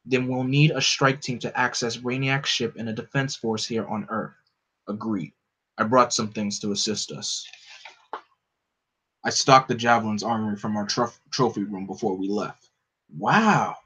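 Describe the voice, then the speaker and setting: A man voicing a grim male vigilante leader in a comic read-aloud, speaking in low, clipped, solemn commands. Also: steady tone, moderate pace, bright, forceful tone, husky.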